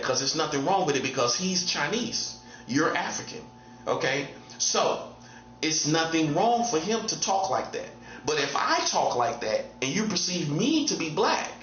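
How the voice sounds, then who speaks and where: Guy preaching off the cuff, fairly high voice, keeps asking rhetorical questions, roomy muffled sound w faint hum. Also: fairly bright tone. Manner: repetitive, drives points home with rhetorical questions. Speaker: self-styled prophet. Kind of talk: casual preaching monologue.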